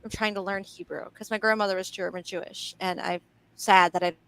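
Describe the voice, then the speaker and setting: A woman's voice: mid-range voice, fairly even intonation, a little fast, a bit bright, clean tone. A woman hosting a live online chat, talking frankly and laughing often. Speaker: host.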